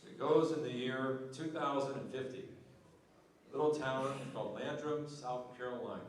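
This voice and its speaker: Folksy male after-dinner speaker spinning a joke; booming hall echo, distant mic. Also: normal speed, a little hiss or hum. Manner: folksy, joking storyteller. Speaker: banquet speaker. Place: large banquet hall. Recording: echoey banquet hall from far off.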